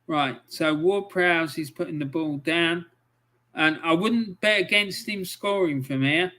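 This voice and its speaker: Angry sweary football streamer. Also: male voice, on the high side, a little slow. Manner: frustrated, swears often, angry outbursts between calm play-by-play. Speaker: live match commentator. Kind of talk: live-stream match commentary.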